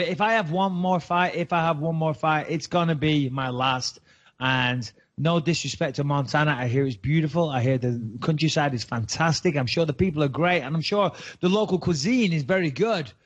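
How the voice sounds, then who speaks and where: Male podcast host from England, higher voice, muffled lo-fi audio, sarcastic banter. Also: moderate pace. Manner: joking, sarcastic, swears freely.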